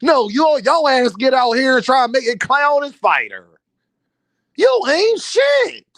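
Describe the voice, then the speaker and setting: A man riffs with his livestream chat, joking, swearing and laughing as he goes. His voice sits high and swings widely in pitch, and the sound is dry and close, with no room in it. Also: measured pace, gravelly, no room sound. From Philadelphia. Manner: animated, joking, profane, laughs often. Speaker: boxing livestream host. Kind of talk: casual livestream banter with chat. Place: home streaming setup.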